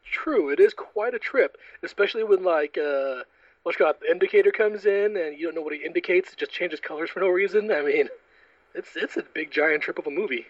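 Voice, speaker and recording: A man co-hosting a casual podcast chat, rambling and animated, peppering his talk with fillers. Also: high voice, fairly quick, no room sound. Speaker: podcast co-host. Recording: dull dry lo-fi mic.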